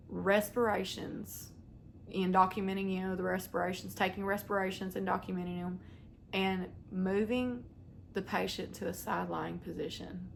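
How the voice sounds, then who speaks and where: A woman's voice: mid-range voice, vocal fry, a little hiss or hum. A young woman, telling a long story to her viewers in a chatty, rambling way and acting out the voices of the people in it. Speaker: vlogger. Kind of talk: casual storytelling to camera.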